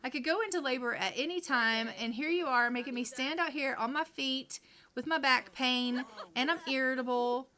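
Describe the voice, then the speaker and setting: A woman's voice: high voice, normal speed, sharp tone. A woman voicing her irritable, heavily pregnant young game character in a grumbling, put-upon tone. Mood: grumpy.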